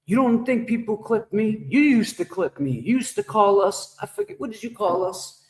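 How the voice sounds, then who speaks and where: A fairly high-voiced man rambles and jokes through a casual livestream, answering his chat as he goes. His voice carries a big shower-like echo effect. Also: animated, moderate pace. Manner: rambling, joking, talks back to chat. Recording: echoey reverb effect on voice.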